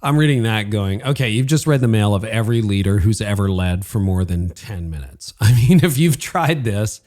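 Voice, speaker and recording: A man's voice: fairly low pitch, expressive, moderate pace, a little mellow. A middle-aged man hosting an interview podcast, affirming his guest with enthusiasm and acting out his own inner voice as he tells anecdotes. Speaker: podcast host. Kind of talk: conversational interview.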